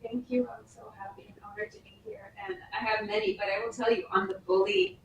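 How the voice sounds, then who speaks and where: A woman's voice: fairly high pitch, big pitch swings, fairly quick. A middle-aged woman from Colombia, a company founder, telling earnest stories about her son in a casual interview. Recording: roomy, distant mic with faint background noise.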